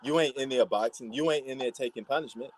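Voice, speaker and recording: A man's voice: medium pitch, quick pace, slight background noise. Laid-back New York man calling a fight. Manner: slangy, laid-back, rambling. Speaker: boxing live-stream host. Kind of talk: casual live fight commentary.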